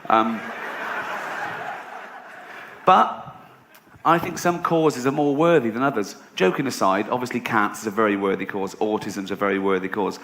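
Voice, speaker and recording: A man's voice: fairly low pitch, normal speed, pauses often, fairly bright tone. A man doing a stand-up comedy set, telling stories in a sardonic, mock-indignant way. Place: theatre stage before a laughing audience. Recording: roomy hall with audience noise.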